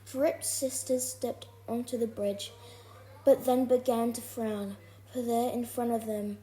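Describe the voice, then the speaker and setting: Woman, storybook reader, expressive rhythmic read-aloud, slow pace, fairly high pitch. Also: slight background noise.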